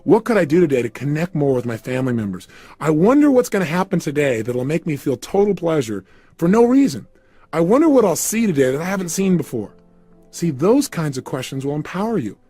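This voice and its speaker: A man's voice: fairly high pitch, sing-song, a little fast, mellow, husky, no echo, soft background music. A man giving a guided motivational talk, emphatically firing repeated questions at the listener. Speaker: motivational speaker.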